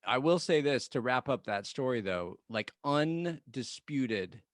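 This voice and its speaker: A man's voice: mid-range voice, animated, measured pace, no room sound, studio quality. A middle-aged man co-hosting a casual podcast, telling a band story with lots of laughing and repeated words. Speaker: podcast co-host, band member.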